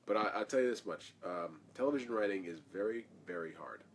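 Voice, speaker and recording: A man's voice: on the low side, animated, fairly quick, noisy background. A man, an actor, answering fan questions in a casual live Q&A, reading each question aloud and rambling through his answers.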